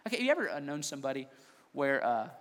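A man preaching a sermon, telling a story with animated, playful voices. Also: mid-range voice, quick pace. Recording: long hall reverb.

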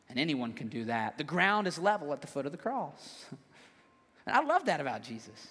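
Man, pastor, sermon, animated, joking, long hall reverb. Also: fairly high pitch, fairly quick, husky. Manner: animated, joking, acts out scenes.

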